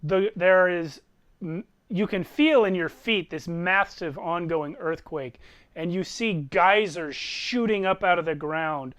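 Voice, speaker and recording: A man runs a tabletop game as its game master, telling the story vividly and slowly. His voice is high, bright and very clear. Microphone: online voice call.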